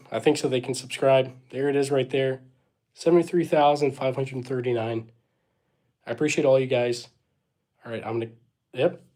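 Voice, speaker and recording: A young man hosts a casual live Q&A stream, his voice at an ordinary middle pitch. He talks in a laid-back, unhurried way, trailing off with fillers and shrugging asides while he reads out questions from chat and thanks viewers. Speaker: livestream host.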